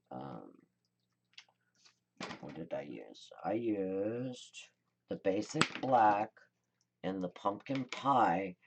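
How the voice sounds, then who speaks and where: A woman hosting a card-making tutorial, chatting casually and thinking aloud as she works. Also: extremely low pitch. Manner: chatty, rambling, thinks aloud while working. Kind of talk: casual crafting demonstration.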